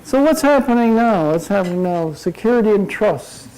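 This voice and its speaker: An older man giving a humorous motivational talk at a club meeting, telling jokes deadpan. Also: sits high, moderate pace, very noisy. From Minnesota. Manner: deadpan joke-telling to a laughing audience. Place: meeting room before a live audience. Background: audience laughter.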